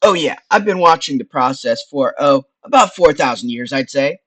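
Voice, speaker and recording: A man voicing a brash, chummy floating skull, an ancient male spirit who calls the hero boss, in a lively voice. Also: medium pitch, normal speed, pitched above the performer's own voice.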